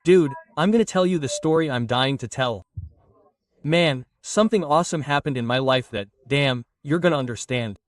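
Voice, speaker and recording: A man doing a stand-up comedy set, telling stories with lively crowd work and swearing. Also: mid-range voice, moderate pace, recorded from a distance. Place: comedy club stage.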